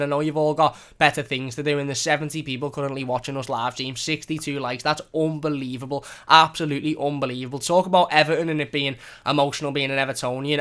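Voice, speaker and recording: A man's voice: medium pitch, steady tone, fast, a bit bright. A young man hosting a football fan live stream, reading out viewer comments and thanking them in a chatty, repetitive way. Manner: chatty, thankful, repeats phrases. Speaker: fan channel host.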